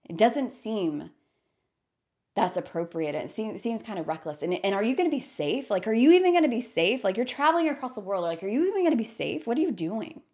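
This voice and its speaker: A woman's voice: on the low side, unhurried, long pauses, mellow. A woman quoting a skeptical, worried friend. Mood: doubting. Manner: doubting, questioning.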